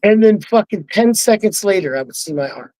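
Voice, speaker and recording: A man on a live online panel, telling a wild story in an excited, heavily profane way and acting out the quotes. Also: high-pitched, a little fast, dry recording, poor audio. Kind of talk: casual storytelling.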